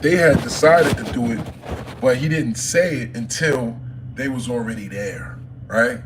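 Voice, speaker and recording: A man from Harlem, hosting a phone livestream from home and telling a story in an animated, profane way that swings from loud to hushed. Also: a little high, a little hiss or hum. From Harlem, New York.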